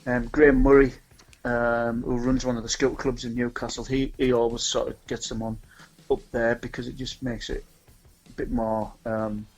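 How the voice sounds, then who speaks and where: A man's voice: medium pitch, level tone, normal speed, a little mellow, low-quality recording. A man with a North East English accent, raised in Scotland, chatting casually as a guest about a charity music event, rambling with many ums and restarts. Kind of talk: casual chat.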